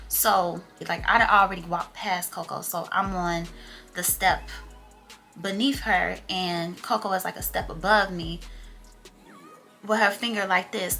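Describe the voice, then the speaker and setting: A woman's voice: lowish voice, measured pace, creaky, faint music behind. A young woman vlogger telling a story in casual, slangy chat and acting out what people said. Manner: animated, slangy storytelling that acts out quotes.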